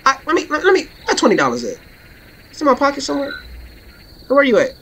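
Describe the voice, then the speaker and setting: High lively woman gaming commentator. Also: quick pace, slight background noise. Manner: playful slangy trash talk; excitable, bursts into laughing shouts. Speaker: gaming streamer. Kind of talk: let's play commentary.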